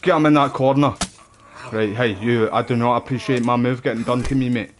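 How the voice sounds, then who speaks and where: A man comments on his game with loud, profane, excitable banter. His voice sits at a middle pitch. A faint hiss runs under the stream audio. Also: brisk. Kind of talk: casual gameplay commentary.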